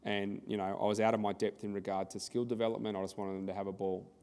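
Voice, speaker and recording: A man's voice: on the low side, level tone, quick pace, a little mellow, smooth, long reverb tail. An Australian man presenting a conference workshop in a conversational style, telling anecdotes and acting out the dialogue.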